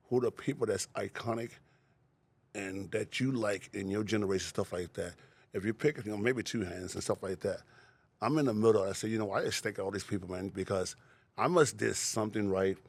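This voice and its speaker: Gravelly laid-back man in his sixties. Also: fairly low pitch, dry recording. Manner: laid-back, rambling, laughs often, says man a lot. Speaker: guest. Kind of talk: casual interview chat.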